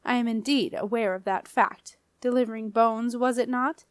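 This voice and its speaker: A woman's voice: on the high side, fairly even intonation, normal speed, clear, resonant tone, dry recording, lightly acted. A woman voicing an imperious woman wizard who speaks sharply and icily. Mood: icy. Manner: icy, sharp, impatient.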